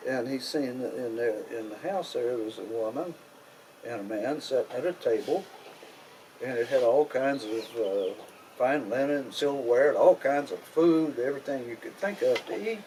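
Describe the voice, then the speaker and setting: A man with a Kentucky accent spins a folk tale in a slow, folksy drawl full of rural grammar and pauses. His voice sits at a middle pitch, with a faint hiss of noise behind. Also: a little mellow, rough recording. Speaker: storyteller. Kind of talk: oral folk storytelling.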